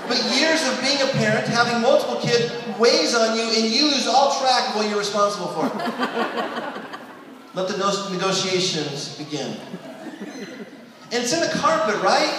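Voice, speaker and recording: A man doing a stand-up routine, telling a long family story and dropping to a soft hush for quoted lines. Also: very high voice, normal speed, pauses often, a crowd in the background. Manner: storytelling, drops to a soft hush for quoted prayers and bedtime talk. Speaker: stand-up comedian. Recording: echoey hall from far off.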